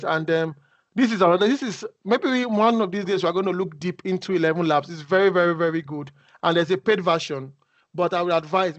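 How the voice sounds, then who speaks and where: A man with a fairly high voice walks through a tutorial over a video call. He talks conversationally and often breaks off to restart his sentences. The call audio is muffled and dull. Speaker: instructor. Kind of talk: casual screen-share tutorial.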